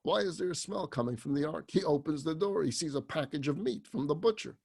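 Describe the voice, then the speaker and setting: A rabbi telling a story in a sermon, animated and dramatic. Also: male voice, a little high, a little fast, creaky, slightly rough.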